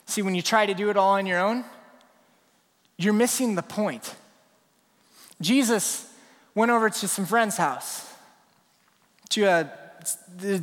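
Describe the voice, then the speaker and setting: High, lively-voiced man preaching. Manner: animated storytelling, acts out scenes. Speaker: pastor. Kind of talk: sermon. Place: church sanctuary. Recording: long reverb in a large hall.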